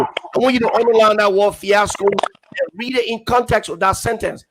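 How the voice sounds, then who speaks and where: A man from Liberia with a very high voice argues with passion on a forum panel, repeating his points for emphasis. Faint noise sits under the recording. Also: fairly quick. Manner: emphatic, reads quotes aloud, repeats phrases. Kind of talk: impassioned political argument.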